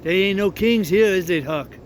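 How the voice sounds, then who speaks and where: A man's voice: sits high, normal speed, a little hiss or hum, lightly acted. A man reading an audiobook, voicing a stubborn grown man who argues in folksy rustic dialect. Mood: stubborn, puzzled. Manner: folksy drawling dialect, argumentative.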